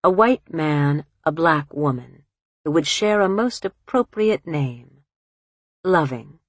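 A woman reads a literary story aloud in a low, unhurried voice. Her delivery is measured and even, recorded close and dry with no room sound. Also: husky, dry recording. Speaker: narrator. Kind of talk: audiobook narration.

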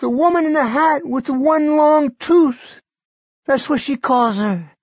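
A man voicing a feverish sick man with a hoarse, clotted voice, strained and urgent. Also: a little slow, no echo, highs cut off. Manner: high strained near-shouting.

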